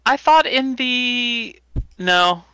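A man playing a tabletop role-playing game, speaking slowly and second-guessing himself. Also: very high-pitched, lively intonation, bright, forceful tone, clear, resonant tone. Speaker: player. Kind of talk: tabletop role-play chat.

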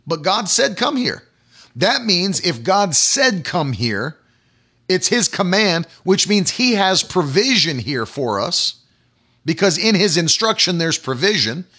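Bright, high-voiced emphatic male preacher. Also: very animated, measured pace, slightly rough. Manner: emphatic, repetitive preaching cadence. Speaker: evangelist preacher. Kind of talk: sermon. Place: at home.

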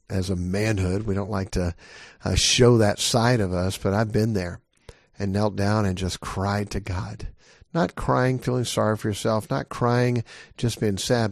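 A man's voice: on the low side, creaky, darkish tone, dry recording, studio quality. A middle-aged man preaching a sermon as a pastor, earnest and emphatic, pressing his listeners with repeated questions.

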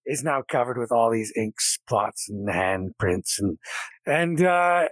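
A man's voice: mid-range voice, lively intonation, takes it slowly, dry recording. A man narrating a tabletop game as game master in a casual, jokey, rambling way.

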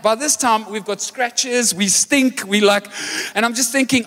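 A man preaching a sermon as pastor, animated and joking as he tells a story. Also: very high voice, normal speed. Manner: energetic, animated storytelling with jokes. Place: large church hall. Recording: live church hall reverb with music.

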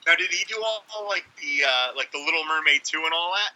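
A man's voice: a little high, fast talker, pushed and bright, poor audio. A man co-hosting a casual podcast chat, throwing in dry wisecracks. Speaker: podcast co-host.

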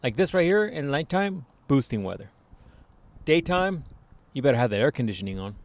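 A young man chatting casually on a podcast, with an easygoing, slangy way of talking. His voice sits at an ordinary middle pitch for a man. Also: big pitch swings, a little fast. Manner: laid-back, easygoing slang. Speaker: podcast co-host. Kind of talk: casual chat.

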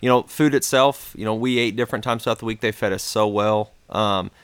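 A man's voice: on the low side, brisk, clean tone, dry recording. An American man in a casual podcast chat, telling a travel story in a rambling way with many fillers and restarts. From United States.

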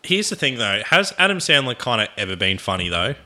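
A man chatting on a podcast, tossing out quick questions and theories. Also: mid-range voice, very animated. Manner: quick, questioning, bright delivery. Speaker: podcast co-host. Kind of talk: casual banter.

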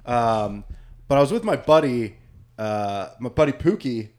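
A man's voice: medium pitch, animated, measured pace, a little mellow. Rambling young guy telling a story. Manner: rambling, swears a lot, heavy use of "like". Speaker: podcast co-host and comedian. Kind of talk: casual storytelling chat.

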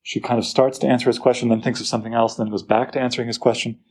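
Gravelly-voiced man teaching a poem. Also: mid-range voice, racing, slight background noise. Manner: lively, asks rhetorical questions. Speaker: literature teacher. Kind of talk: lecture on a poem.

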